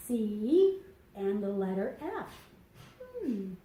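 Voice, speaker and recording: A woman reading a picture book aloud to preschoolers, slow and sing-song, stopping to explain things to the children. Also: medium pitch, very animated, dark tone, slight background noise. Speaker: children's librarian. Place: library room. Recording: echoey room.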